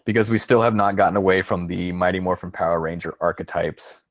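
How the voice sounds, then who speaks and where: A man's voice: sits low, fairly even intonation, brisk, dry recording. A man co-hosting a podcast in casual chat, rambling, restarting his sentences and chuckling often. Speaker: podcast co-host.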